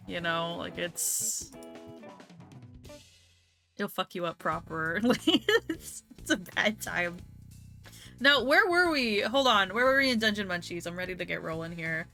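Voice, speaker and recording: A woman's voice: lowish voice, creaky, bright, forceful tone. A young woman streaming a game, chatting casually with her audience, swearing freely and laughing often. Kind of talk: casual let's-play chat.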